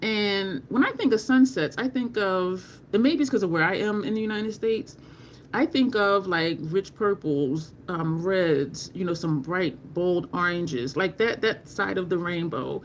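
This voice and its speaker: Slow, rambling woman chatting to live viewers. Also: medium pitch, slight background noise. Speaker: makeup livestream host. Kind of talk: casual livestream chat.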